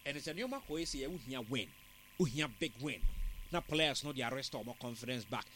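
Fast-talking bright-voiced football analyst man. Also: medium pitch, expressive, slight background noise. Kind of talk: radio sports talk.

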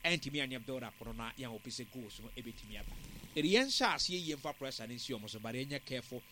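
Fast-talking bright-voiced football analyst man. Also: medium pitch, animated, a little hiss or hum. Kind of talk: radio sports talk.

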